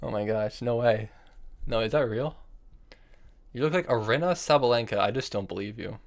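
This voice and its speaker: A man's voice: mid-range voice, moderate pace, vocal fry. A young man streaming chess online, thinking aloud about his moves, repeating himself and answering chat messages between moves. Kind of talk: live-stream commentary while playing chess.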